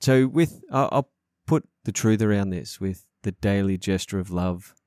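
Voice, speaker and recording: A man's voice: on the low side, normal speed, a little mellow, no echo, studio quality. A man, hosting a casual podcast chat, speaking earnestly with a lot of swearing and repetition. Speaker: podcast host.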